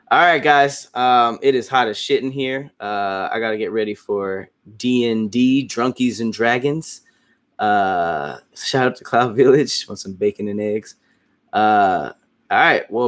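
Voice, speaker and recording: A man's voice: on the low side, measured pace. Rambling, casual man chatting with fans. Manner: rambling, frequent restarts, casual profanity. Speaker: host. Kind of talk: casual livestream chat answering fans.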